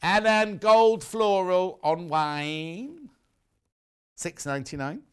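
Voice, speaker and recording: A man's voice: high voice, expressive, slow pace, clear, resonant tone. A middle-aged man presenting fabrics on a live shopping show, chatty and teasing. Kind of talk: live sales presentation with chat.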